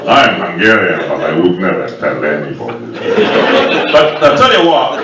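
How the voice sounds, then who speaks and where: A man's voice: low-pitched, sing-song, takes it slowly, pauses often, very noisy. A man doing an abrasive, crude stand-up set with lots of crowd-work. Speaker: stand-up comedian. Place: club function room with a live audience. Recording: distant mic in a crowded echoey club. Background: loud audience laughter.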